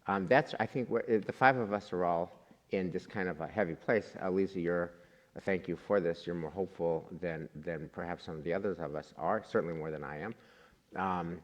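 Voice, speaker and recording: A man's voice: sits low, fairly quick, highs cut off. A man leading a class discussion, talking earnestly and telling stories with quoted dialogue. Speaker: class leader. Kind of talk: group discussion. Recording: long hall reverb.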